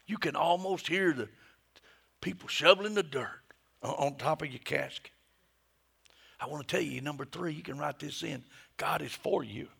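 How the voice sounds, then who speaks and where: Middle-aged male pastor, sermon delivery, husky gravelly voice, swings from hushed to booming. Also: moderate pace, long pauses. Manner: dynamic preaching, swinging from hushed whispers to loud emphatic peaks.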